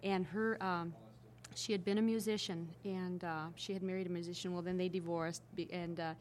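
A woman's voice: fairly low pitch, normal speed. Chatty older woman telling stories. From Minnesota Iron Range. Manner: chatty, animated anecdote-telling with frequent restarts. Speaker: interviewee. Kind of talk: casual oral-history storytelling.

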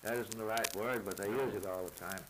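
A man interviewing a speaker about native words, halting with many fillers and repeating words back slowly. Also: fairly low pitch, fairly even intonation. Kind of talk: casual language elicitation. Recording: noisy old tape recording.

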